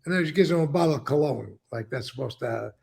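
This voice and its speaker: An older New Yorker who used to be in the mob tells stories in a conversational interview, acting out what others said. His gravelly, profane voice sits in the mid-range, is slightly mellow, and moves at a quick pace.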